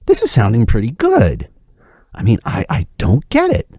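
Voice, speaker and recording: A man's voice: mid-range voice, wildly swooping pitch, moderate pace, dark tone, husky, dry recording, clean studio sound, pitched above the performer's own voice. A man voicing an ordinary man who has just died and is surprised by hell, talking hesitantly, as part of a joke.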